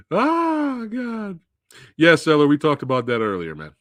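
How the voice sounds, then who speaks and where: A man with a medium-pitched voice hosts a casual live Q&A stream, telling stories animatedly, laughing often and playing different people. The recording has no echo.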